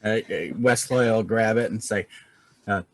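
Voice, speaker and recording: Guy at a dnd table, slow and a bit stammery, dry close sound. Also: fairly low pitch, dry recording. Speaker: player. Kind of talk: casual tabletop role-play.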